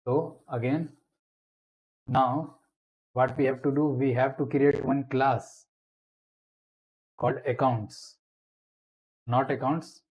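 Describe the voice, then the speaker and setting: Man, coding tutorial, slow unhurried delivery, explains each step while typing. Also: medium pitch, fairly even intonation, husky, dull audio. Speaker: programming tutor.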